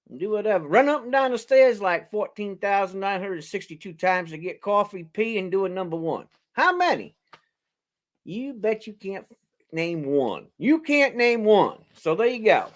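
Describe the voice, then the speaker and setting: A man's voice: sits high, animated, measured pace. A man, a preacher hosting a charity live stream from home, rambling and joking and laughing at his own lines. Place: home, indoors.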